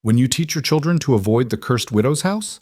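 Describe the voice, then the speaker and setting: A man's voice: mid-range voice, animated, brisk, a little mellow, no room sound, clean studio sound, voice pushed up, lightly acted. A man voicing a grieving widow who speaks firmly and pleads, raising her voice. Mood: firm, hurt. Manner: raised voice, pleading then defiant. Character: grieving widow, proud and firm.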